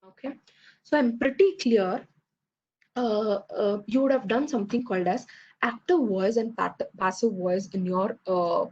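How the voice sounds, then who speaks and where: Husky-voiced woman teaching a class. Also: medium pitch, darkish tone, lo-fi sound. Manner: explanatory, many fillers and checks like "okay, fine". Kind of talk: online class lecture.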